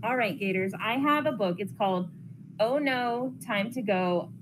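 A young woman counselor intern, reading a rhyming picture book aloud to children in a lively, sing-song way. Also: mid-range voice, a little slow. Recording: noisy classroom recording.

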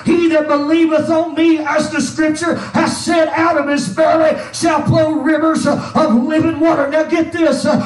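High-pitched shouting holiness preacher. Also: male voice, little pitch movement, a little slow, hardly any pauses, faint music behind. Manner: shouting preacher with constant "uh" cadence. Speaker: pastor. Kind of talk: holiness sermon. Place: church sanctuary. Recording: echoey church hall from far off.

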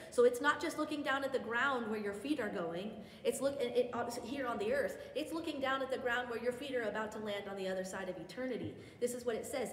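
A woman with a fairly high voice leads a Bible study, walking her listeners through each point with chatty asides and quick self-corrections. The sound rings with a long echo, as in a big church hall, over a faint hum of background ambience. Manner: explanatory, guiding listeners step by step. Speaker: women's Bible study teacher.

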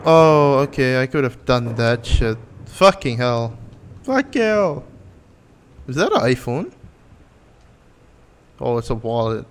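A man's voice: mid-range voice, animated, a little slow, slight background noise. Jittery, swearing man playing a horror game. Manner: nervous, jokey and profane, rambling. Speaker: gameplay channel host. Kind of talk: casual let's-play commentary.

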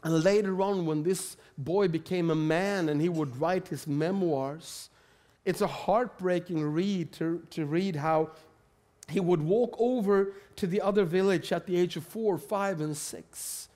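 A male preacher speaks with a Swedish accent in a fairly high, light voice. He tells a story as part of his sermon, earnest and plain. He often lets his voice soften and slow down. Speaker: pastor.

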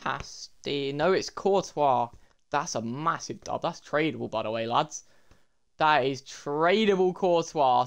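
Excitable young gaming vlogger. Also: male voice, fairly high pitch, gravelly, clear, resonant tone. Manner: excitable, addresses viewers as lads and boys. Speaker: gaming YouTuber. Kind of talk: pack-opening commentary.

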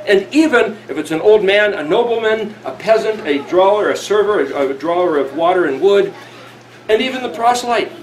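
High-voiced man teaching scripture. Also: animated, brisk. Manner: reads verses aloud then explains them conversationally. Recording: roomy with faint background noise.

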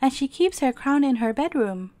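A woman's voice: high-pitched, expressive, moderate pace, mellow, dry recording. A woman voicing an earnest little princess. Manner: pleading, indignant. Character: young princess girl, earnest and easily hurt.

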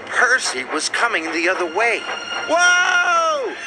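A man reading a children's story aloud in an expressive, sing-song narrating manner. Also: fairly high pitch, a little slow, very noisy.

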